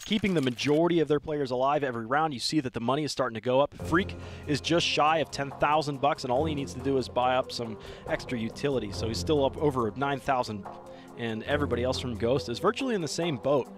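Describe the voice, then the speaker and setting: A man with a Southern US accent doing excitable live esports commentary. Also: mid-range voice, fast, music in the background. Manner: excitable, talks over the action.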